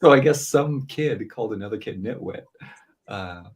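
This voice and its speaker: A man's voice: on the low side, expressive, moderate pace, rough recording. A father on a streamed podcast, telling a family story in a loose, rambling way full of fillers. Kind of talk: casual chat while streaming.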